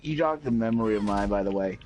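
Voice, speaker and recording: Male gaming streamer, lively goofy storyteller, loose casual chat. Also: on the low side, quick pace, low-quality recording.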